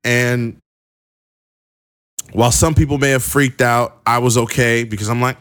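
A man's voice: medium pitch, fairly even intonation, measured pace, pauses often, fairly bright tone, clear, resonant tone. A young man recapping a wrestling show in a casual, chatty way with plenty of fillers. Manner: chatty, many fillers and restarts.

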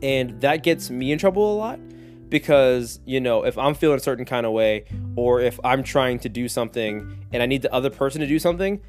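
A man's voice: medium pitch, a little fast, faint music behind. Rambling, joking man talking on his podcast. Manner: rambling, joking, lots of fillers. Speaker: podcast host. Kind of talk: casual solo podcast talk.

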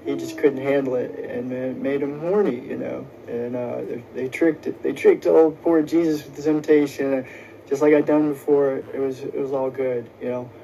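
A man's voice: mid-range voice, steady tone, moderate pace, creaky, warm tone, a little hiss or hum, rough recording. A man telling a profane, rambling first-person comic story in a casual way, full of fillers. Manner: crude, profane, casual, full of "you know".

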